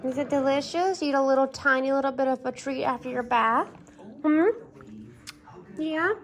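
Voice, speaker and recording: A woman talking in doting baby talk to her pet monkey at home, often hushed and cooing. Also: high voice, normal speed, faint music behind. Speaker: pet owner vlogger.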